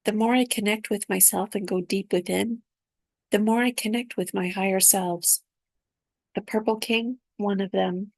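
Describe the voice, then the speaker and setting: In a soft, unhurried, reflective manner, a woman reads aloud from her own spiritual dream journal. Her voice is medium-pitched, steady and gravelly, with no echo around it.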